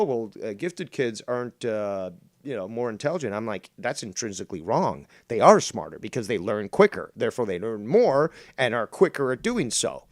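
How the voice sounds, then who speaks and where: A man streaming a rant in reply to a critic, combative, boastful and full of profanity. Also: fairly low pitch. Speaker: streamer reacting to a critic's videos. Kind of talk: ranting commentary.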